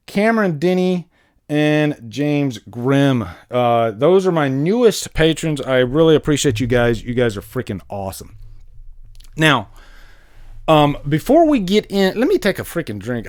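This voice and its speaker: A man hosting a live stream, chatting casually with his viewers and greeting them, excitable and wired, swearing freely. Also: on the high side, dry recording, studio quality. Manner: talks straight to viewers, greets chat.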